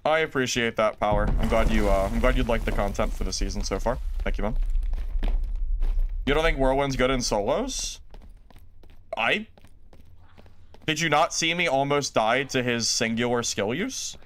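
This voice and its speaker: A man's voice: mid-range voice, moderate pace, long pauses, fairly bright tone, slight background noise. A man streaming a game live, talking through play and answering chat in a self-mocking, exasperated way. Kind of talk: live gameplay commentary reading chat.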